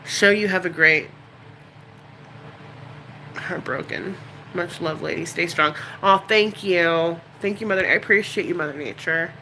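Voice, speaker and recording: A woman's voice: fairly low pitch, a little slow, pauses often, sharp tone, a little hiss or hum, low-quality recording. Candid, rambling middle-aged woman vlogger. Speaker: YouTuber. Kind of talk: casual live-stream chat.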